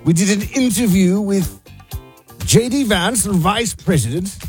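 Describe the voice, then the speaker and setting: A man co-hosting a radio talk show, speaking in a playful, animated way. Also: sits high, unhurried, faint music behind. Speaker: radio host.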